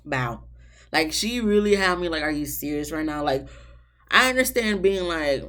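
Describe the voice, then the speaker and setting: A woman reviewing a reality show in a loose, opinionated chat. Her voice sits on the lower side and leaps up high when she gets exasperated. She talks with sass. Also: expressive, normal speed, fairly bright tone. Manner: sassy, exasperated, swings high for emphasis. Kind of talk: casual opinionated recap.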